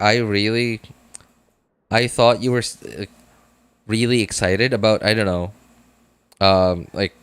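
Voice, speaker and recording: A man's voice: lowish voice, smooth. A man chatting casually on a gaming live stream, rambling and self-deprecating, full of fillers like "like" and "uh". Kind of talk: casual live-stream chat while playing.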